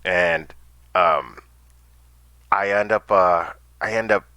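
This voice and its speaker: A man's voice: sits low, slow pace, sharp tone, clean tone, no echo. A man telling a personal story casually, rambling with stammered restarts and swearing.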